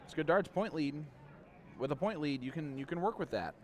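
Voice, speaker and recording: Man, darts commentator, live sports commentary, highish voice, very expressive pitch, chatty. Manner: lively, chatty, quick to laugh.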